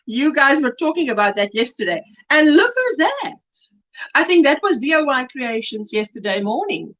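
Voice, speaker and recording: A South African woman hosting a casual crochet livestream, chatting warmly and reading viewer comments aloud with delight. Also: high voice, muffled recording.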